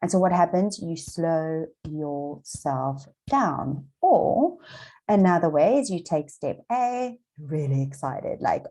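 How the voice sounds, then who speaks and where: A woman's voice: on the low side, expressive, normal speed, warm tone, low-quality recording. An Australian woman coaching viewers on manifesting in a chatty, encouraging motivational talk to camera, repeating her points and using plenty of fillers.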